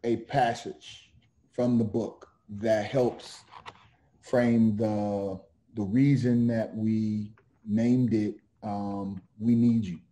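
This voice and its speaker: A middle-aged man talks with a very dark, mellow tone and a slow, deliberate pace. He pauses and restarts often and sounds earnest as he reads a passage aloud. His voice sits low, as if heard over a video call. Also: level tone. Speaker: author and criminal defense lawyer. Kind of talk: reflective talk with read-aloud book passage.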